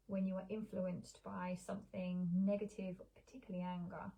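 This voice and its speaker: Soothing woman with a gravelly, mellow voice. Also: mid-range voice, steady tone, rough recording. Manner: soft, slow, soothing guidance with gentle pauses. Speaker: meditation teacher. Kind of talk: guided meditation and casual live-stream talk. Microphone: streaming live on a social video stream.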